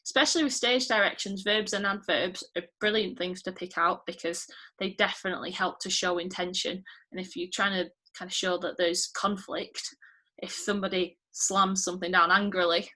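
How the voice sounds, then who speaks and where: A young woman teacher from England leads an online English lesson. She talks in a chatty, encouraging and informal way, with a bright, clear voice. The sound comes over a video call. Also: lowish voice, fairly even intonation, normal speed.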